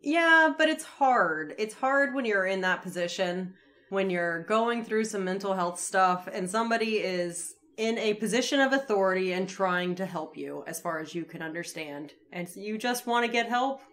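A woman's voice: medium pitch, a bit bright. Chatty woman podcast co-host. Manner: chatty, quick to laugh. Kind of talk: casual chat recapping a TV episode.

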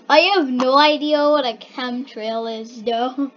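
A young kid with a high-pitched voice and fairly even intonation reads odd generated quotes aloud slowly, with few pauses, then puzzles over them, sounding bemused and giggly. It's casual reaction commentary from a video maker, captured on a dull lo-fi home recording with faint hiss.

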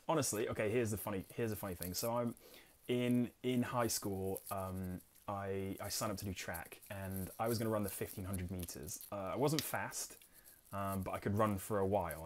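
A man with an English accent and a fairly low voice talks through a solo dice game. His commentary is loose and self-deprecating, and he mixes read-out rules with musing asides. A faint hiss sits under the recording. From England. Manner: chatty, self-deprecating, reads rules aloud and muses. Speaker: board game channel host. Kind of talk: casual solo gameplay commentary.

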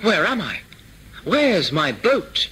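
Brief: man playing an indignant proud sailor, bright, lively pitch. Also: normal speed, husky, heavily acted, low-quality recording. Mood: startled.

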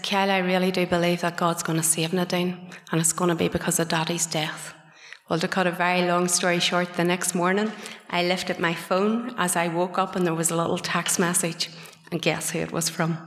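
A middle-aged Northern Irish woman gives her church testimony with fervent conviction, now and then sinking to a hushed whisper. Her voice sits fairly low and fairly level, and it rings out through a roomy meeting hall with a long reverb tail. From Northern Ireland. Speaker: speaker giving testimony.

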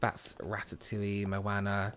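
A man's voice: fairly low pitch, completely flat delivery, measured pace, fairly bright tone, clear, resonant tone. A man from the United Kingdom streaming a game, chatting casually and answering viewer comments as he plays. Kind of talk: casual live-stream chat.

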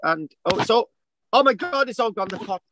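A man's voice: high voice, animated, brisk, fairly bright tone, lo-fi sound, slight background noise. Rambling, jokey man giving an online class. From Wales. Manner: rambling, self-interrupting, jokey. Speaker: archaeology tutor. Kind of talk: online lecture. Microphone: video call mic.

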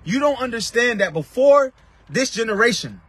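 High-voiced, husky man preaching fiery. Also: big pitch swings, moderate pace, no room sound. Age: 30s. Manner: forceful, repetitive, bursts into shouting. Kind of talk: fiery street-style preaching.

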